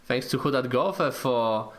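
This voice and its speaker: An easygoing man co-hosting a loose, casual live stream, running through thank-yous for donations. His voice sits at an ordinary middle pitch, relaxed and conversational. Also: normal speed. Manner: easygoing, reads donations aloud. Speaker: co-host.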